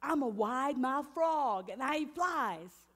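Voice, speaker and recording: Woman doing a chirpy, loud wide-mouthed frog. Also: high-pitched, animated, unhurried, exaggerated voice.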